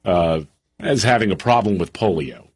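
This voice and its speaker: A man co-hosting a radio talk show, reading news items in a relaxed way with fillers and chuckles. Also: low-pitched, normal speed, slightly rough, no room sound.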